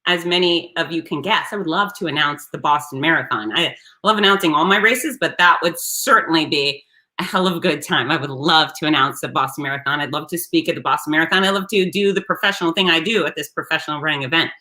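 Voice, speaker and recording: A woman hosting her own show, telling a story in a blunt, salty, animated way. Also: deep voice, fast. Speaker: host. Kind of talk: casual storytelling monologue.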